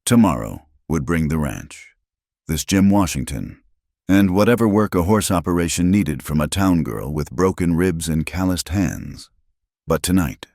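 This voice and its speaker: A male storyteller reads a frontier tale in a calm, unhurried, scripted delivery. His voice is extremely low and deep. The recording is dry and close-miked. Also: creaky, dry recording. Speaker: narrator.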